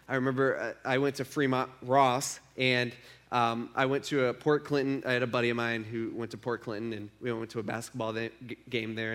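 A man's voice: medium pitch, a bit bright. A male pastor preaching to men in a conversational, emphatic way, with frequent repetition and asides. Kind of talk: sermon.

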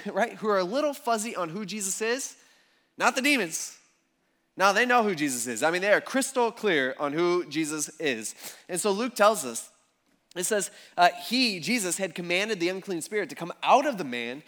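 A man preaching a sermon as pastor, telling the story in a casual, animated way with slang. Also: high-pitched.

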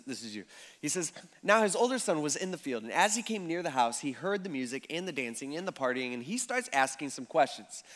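A high-voiced man delivering a sermon in a casual, animated storytelling manner. He slips in and out of playful crowd voices as he retells the parable. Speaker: pastor.

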